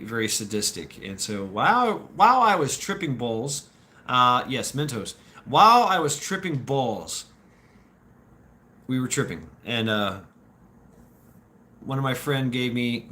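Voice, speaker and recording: A man in his forties chatting casually on a live stream, answering viewer questions and telling stories, often halting, repeating words and laughing. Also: medium pitch, pushed and bright, a little hiss or hum.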